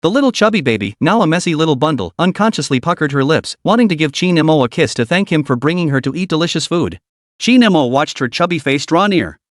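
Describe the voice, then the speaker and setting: Lively-voiced man narrating a story recap. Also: on the high side, fast talker, no echo, clean studio sound.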